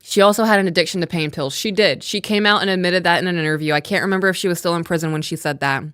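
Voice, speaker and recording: Smooth-voiced woman recapping a case. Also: fairly low pitch, rapid-fire, no room sound, clean studio sound. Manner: reads quotes aloud, animated retelling. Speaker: podcast co-host. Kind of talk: casual true-crime breakdown.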